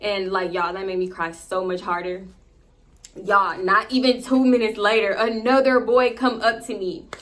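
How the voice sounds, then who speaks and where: A young woman narrating a personal storytime for her viewers, animated and expressive. She swears freely and keeps turning to the audience with "y'all.". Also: medium pitch, moderate pace. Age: young adult. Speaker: storytime vlogger. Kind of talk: casual storytelling to camera.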